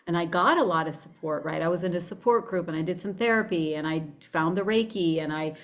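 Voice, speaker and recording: Animated woman coach, lo-fi sound. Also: lowish voice, brisk. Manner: animated, acts out her inner voice, many restarts. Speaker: guest, body-image coach. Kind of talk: conversational interview.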